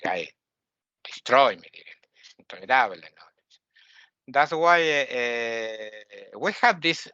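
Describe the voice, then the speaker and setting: A man with an Argentinian Spanish accent teaches a spiritual lesson in English, his voice bright and forward. He talks in an animated, repetitive way, tossing off mocking asides. The sound is dry and a little dull, with no room around it. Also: medium pitch, no echo. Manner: animated, repeats words, mocks the ego in asides.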